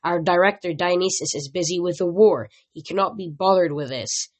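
Wise old centaur teacher, read by an amateur audiobook reader, calm and formal. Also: mid-range voice, brisk, natural voice. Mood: firm.

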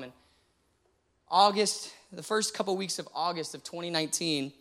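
A man's voice: high-pitched, a little fast, a bit bright. A young adult man, a pastor, telling a personal story from the pulpit in an earnest, heartfelt way. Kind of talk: personal testimony sermon.

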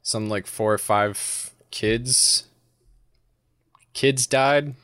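A man's voice: mid-range voice, very slow, a bit bright, clean tone, no echo, studio quality. An American man in crude, casual podcast chat, rambling and mocking with lots of fillers and swearing.

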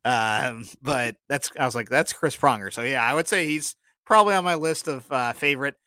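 A man's voice: medium pitch, normal speed, bright, forceful tone, dry recording. A man co-hosting a podcast, telling rambling stories in casual chat and often apologizing for his own jokes. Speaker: podcast co-host.

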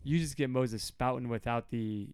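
A man's voice: medium pitch, moderate pace, smooth, no echo, clean studio sound. A man in his thirties, a podcast co-host in casual Bible study chat, talking animatedly and acting out quotes. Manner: animated, acts out quotes with sudden loud jumps.

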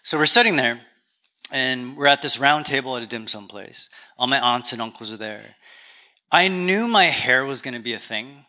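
A man, a pastor with a Canadian accent, preaching a sermon in a relaxed, conversational storytelling way with touches of humor. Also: medium pitch, normal speed.

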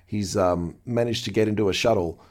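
A man co-hosting a casual podcast, recapping plot in a relaxed way with dry asides. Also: fairly low pitch, brisk. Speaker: podcast co-host. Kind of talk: casual chat recapping a TV episode.

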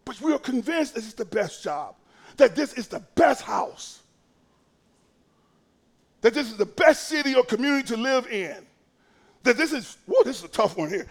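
A male pastor preaching a sermon in a folksy, conversational way, swinging between hushed asides and shouted emphasis. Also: very high voice, very animated, normal speed, long pauses.

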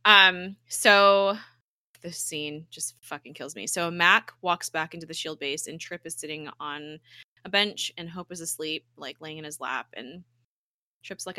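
Animated young woman, bright and dry. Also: sits low, dry recording. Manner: animated, swears freely, acts out characters' lines in quick voices. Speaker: podcast co-host recapping a TV episode. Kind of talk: casual chat.

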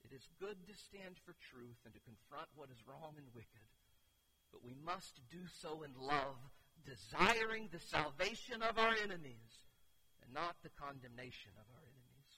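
A man in his thirties preaching a sermon as a pastor, earnest, with warm asides and moments where he drops to a hushed, intense tone. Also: on the high side, lively intonation, moderate pace, poor audio.

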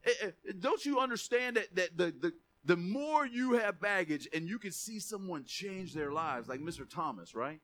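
A man preaching a sermon with passion, moving between quiet, chatty asides and raised, driving declarations. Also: high-pitched, lively intonation, normal speed, few pauses.

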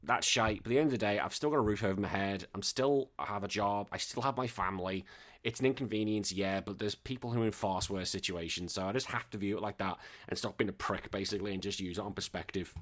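A man's voice: fairly low pitch, fast, fairly bright tone. A man hosting a podcast in casual chat, joking, swearing and laughing as he reads listener messages. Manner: swearing, jokey, laughs often. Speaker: podcast host.

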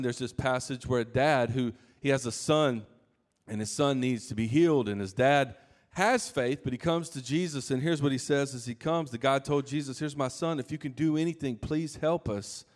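A man's voice: mid-range voice, moderate pace. A man preaching a sermon in a casual, conversational way, with asides and restarts. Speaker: pastor.

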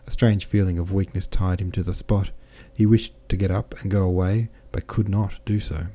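A man reads a classic novel aloud in a measured, steady narration. His voice sits low and sounds very dark and mellow, with a relaxed, even delivery. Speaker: audiobook narrator.

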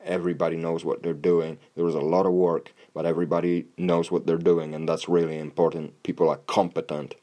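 Deep-voiced man swearing bluntly. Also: little pitch movement, fairly quick, hardly any pauses, mellow. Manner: blunt, heavy swearing, repeats words when starting; motivational, tough-love tone. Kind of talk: casual monologue.

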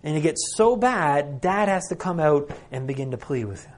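A man's voice: fairly high pitch, animated, normal speed. A man in his thirties preaching a sermon, telling the story with rhetorical questions. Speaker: pastor.

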